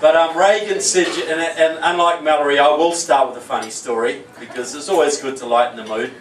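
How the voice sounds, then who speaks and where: A man with a New Zealand accent delivers a rally speech, trading light jokes for earnest points. His voice sits a little high and is picked up from some distance, ringing through a roomy hall over faint background murmur. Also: fairly quick, slight background noise. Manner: jokey, storytelling, earnest. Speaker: keynote speaker. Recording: echoey hall, voice from far off.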